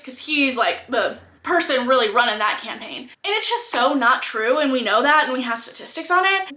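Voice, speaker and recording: A woman's voice: high voice, bright, forceful tone, reverberant. A woman giving candid, blunt reaction commentary on personal finance, swearing freely as she talks.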